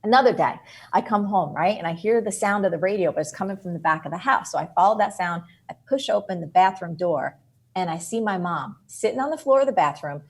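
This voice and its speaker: Brief: middle-aged woman from New Jersey, a guest author, husky and lively, telling a story, sitting a touch low. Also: fairly quick. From New Jersey, USA. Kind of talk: animated storytelling in an interview.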